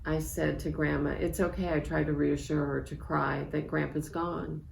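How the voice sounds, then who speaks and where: A woman in her sixties, an author reading aloud from her memoir in a measured, reflective way. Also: low-pitched, level tone, creaky, darkish tone. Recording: echoey room with faint background noise.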